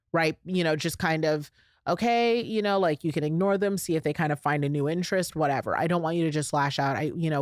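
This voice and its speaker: A woman's voice: low voice, dry recording, studio quality. A middle-aged woman hosting a podcast, talking casually and emphatically to her listeners in a chatty way. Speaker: podcast host. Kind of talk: casual solo podcast talk.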